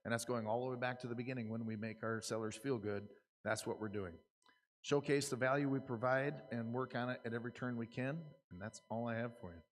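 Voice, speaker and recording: A man's voice: medium pitch, steady tone, brisk. A man with an American accent giving a casual, earnest seminar talk to fellow auctioneers, restarting his sentences often. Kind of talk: conversational lecture to a live audience. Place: conference room. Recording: long reverb of a hall.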